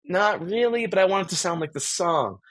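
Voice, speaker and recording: Husky man musing in long rambling answers. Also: high-pitched, expressive, fairly quick, fairly bright tone. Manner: rambling and reflective, many fillers and restarts. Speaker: guest musician. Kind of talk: conversational interview answer.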